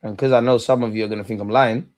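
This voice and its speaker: A man's voice: fairly low pitch, rapid-fire. A young man hosting a livestream football reaction, ranting and taunting his chat. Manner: excitable, taunting, shouts at chat. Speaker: fan channel host.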